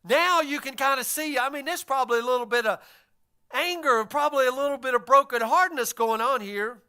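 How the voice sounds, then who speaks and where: A man's voice: extremely high pitch, fairly quick, pushed and bright, clear, resonant tone. A man preaching a sermon, retelling a story and acting out the voices of its figures. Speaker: pastor.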